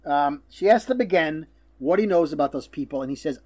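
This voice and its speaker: A man's voice: fairly high pitch, animated, fairly quick. A man co-hosting a casual podcast, recapping a TV episode in a chatty way and acting out lines. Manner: chatty, acts out quotes with loud bursts. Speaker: podcast co-host.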